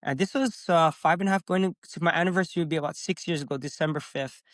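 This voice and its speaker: On a podcast, a middle-aged guest with a fairly high voice races through his own story, acting out his past remarks. The storytelling is casual and animated, recorded without any room sound.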